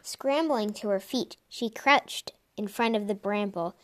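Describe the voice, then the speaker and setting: A woman narrating a storybook in a soft, even reading voice, with the odd slip. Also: medium pitch, unhurried. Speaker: audiobook reader.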